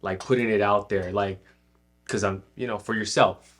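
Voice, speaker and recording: A man's voice: fairly low pitch, fairly even intonation, moderate pace. A man co-hosting a podcast, asking questions in a laid-back, slangy, affirming way. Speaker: podcast co-host. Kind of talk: casual podcast interview.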